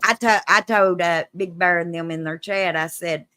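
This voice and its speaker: A woman's voice: lowish voice, fairly even intonation, normal speed, few pauses, bright, forceful tone, no echo. A woman from Kentucky with a Kentucky accent, hosting a casual live-stream chat and trading folksy Southern sayings with a laugh. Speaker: host.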